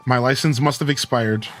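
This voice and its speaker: A man with a mid-range, fairly bright voice streams a video game and chats casually with viewers. He reads the game's dialogue aloud, sometimes putting on a Scottish voice.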